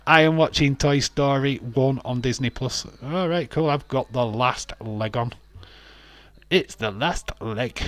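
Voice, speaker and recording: A man's voice: medium pitch, a bit bright, dry recording. A man hosting a casual wrestling watch-along stream, rambling, laughing often and reading out viewer comments.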